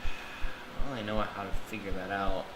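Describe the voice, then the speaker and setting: A man playing his character at a tabletop game, lively and laughing often, with hesitant restarts. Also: deep voice, normal speed. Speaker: player. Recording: echoey room with faint noise.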